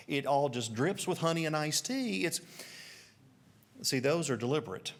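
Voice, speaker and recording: A man's voice: fairly high pitch, normal speed. A man with a Southern American accent preaching a sermon, telling stories and putting on voices for quotes. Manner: storytelling, animated, puts on voices for quotes. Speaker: pastor.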